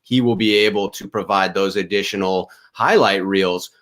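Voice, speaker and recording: A man from Boston, co-hosting a casual sports talk show, explaining in a measured way. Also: deep voice, fairly even intonation, fairly bright tone. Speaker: co-host.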